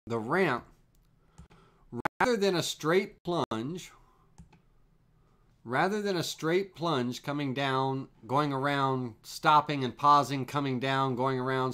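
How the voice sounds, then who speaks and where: Man, live-stream CNC instructor, relaxed, repetitive, middle-pitched voice, software demo. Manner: relaxed, repetitive explaining with fillers.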